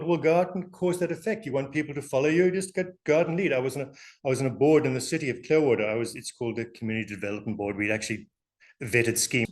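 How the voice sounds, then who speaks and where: Chuckling older man with a South African English accent. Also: medium pitch. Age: 60s. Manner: animated, chuckling storyteller. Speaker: alumnus. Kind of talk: casual storytelling interview.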